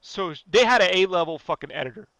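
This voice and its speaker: A man with a high, bright voice rants on a podcast, animated and profane. He talks casually and keeps pushing his point. The sound is dry and close, with no room around it. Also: quick pace, creaky, no room sound. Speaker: podcast guest.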